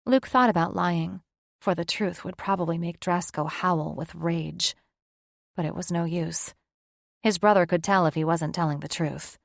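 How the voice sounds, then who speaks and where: A woman narrating a fantasy romance audiobook in an even, measured way. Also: lowish voice, gravelly, dry recording, studio quality. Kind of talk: scripted narration.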